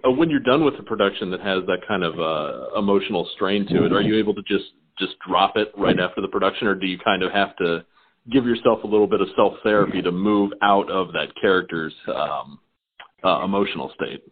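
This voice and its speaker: A man from the American South interviewing an actress, asking long, halting questions full of fillers. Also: low-pitched, husky. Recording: tinny phone-line audio.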